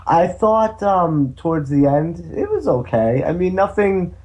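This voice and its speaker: A man's voice: a little high, very animated, measured pace, a little mellow. A man co-hosting a podcast, rambling hesitantly about a film's actress and swearing casually. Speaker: podcast co-host. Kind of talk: casual movie review chat.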